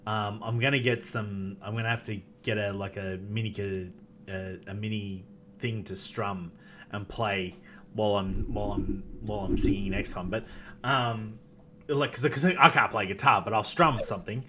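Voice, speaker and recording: A man's voice: on the low side, steady tone, moderate pace, bright, forceful tone. A man who plays tabletop games, chatting casually, rambling with lots of fillers and restarts and laughing often. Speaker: tabletop game player. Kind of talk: casual chat.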